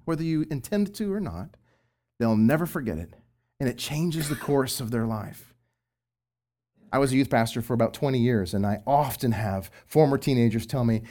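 A middle-aged man, a former youth pastor, giving Christian marriage advice in an expressive way, swinging between loud emphasis and soft asides. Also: mid-range voice.

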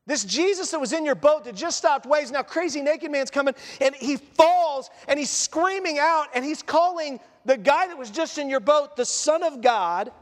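A man, a pastor, preaching a sermon in an animated way, acting out the scenes and voices of the story he tells. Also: very high voice, long reverb tail.

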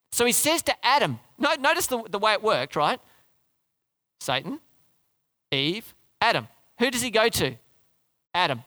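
A man preaching a sermon in a lively, conversational way, often asking the congregation questions. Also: sits high, normal speed, pauses often, dry recording. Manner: lively, conversational, asks the crowd questions, restarts.

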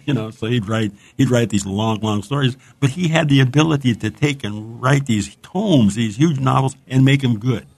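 A man's voice: medium pitch, moderate pace, gravelly, hardly any pauses, a little mellow. A man hosting a casual book chat, enthusiastic and rambling, who stops now and then to read passages aloud. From United States. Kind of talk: casual chat about books.

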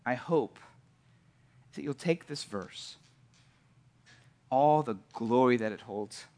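A man's voice: medium pitch, takes it slowly, darkish tone. A man preaching a sermon in an earnest, emphatic way, telling vivid stories.

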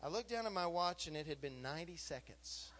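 A man in his fifties preaching with an animated, joking delivery and a fairly high voice. He keeps turning to the congregation with questions. A faint hum sits under the live church recording. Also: a little fast. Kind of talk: sermon.

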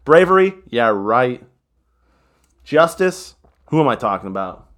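A young man co-hosting a casual comedy podcast, talking in a sarcastic, rambling way and ranting with sudden loud bursts. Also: medium pitch, sing-song, unhurried. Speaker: podcast co-host.

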